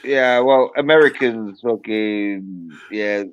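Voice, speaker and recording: A man's voice: fairly low pitch, slow, lo-fi sound, a crowd in the background. A British man in a casual online chat, teasing and swearing freely. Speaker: livestream guest.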